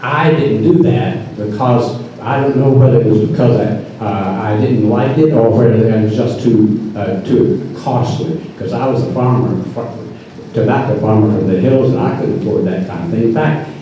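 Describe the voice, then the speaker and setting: A man's voice: on the low side, normal speed, mellow, slight background noise. An older man telling a personal story on a live stage with dry, folksy humor. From North Carolina. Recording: echoey hall from far off.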